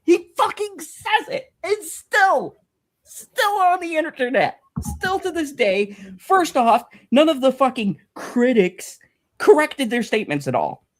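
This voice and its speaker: A woman with a high voice that leaps all over as she rants, swearing constantly. She stammers and restarts when she gets heated, slipping into mocking sing-song impressions of the people she is railing against. The delivery is a casual, angry commentary-channel tirade. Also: very animated, slow pace. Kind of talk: profane comedic rant.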